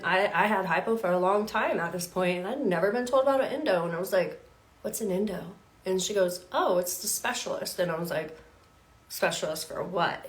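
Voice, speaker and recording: A woman in her thirties, a health coach, telling her own story to viewers in a lively, chatty way, full of fillers and acted-out quotes. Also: lowish voice. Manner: animated, acts out quoted voices, many fillers.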